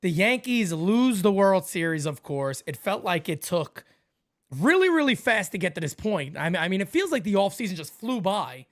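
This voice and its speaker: Animated man hosting a sports podcast. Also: normal speed. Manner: animated storyteller, acts out high squeaky voices; laughs often, joking. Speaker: podcast host. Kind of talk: casual sports podcast chat.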